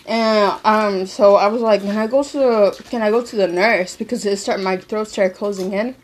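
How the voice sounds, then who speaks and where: A teenage girl telling a story in casual, slangy chat, animated and quick to laugh. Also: mid-range voice.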